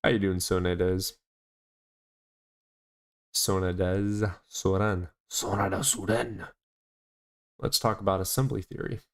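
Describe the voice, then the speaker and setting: A man's voice: deep voice, little pitch movement, takes it slowly, long pauses. A man hosting a live stream who chats casually, coos baby talk at his dog, then questions a caller bluntly from a desk mic at home. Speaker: streamer hosting call-in debates.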